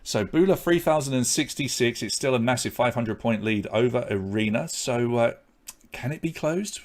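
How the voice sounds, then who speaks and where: A man's voice: mid-range voice, moderate pace. A man with a British accent hosting an online quiz, reading questions twice and calling out scores in a chatty way. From Britain. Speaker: quiz host.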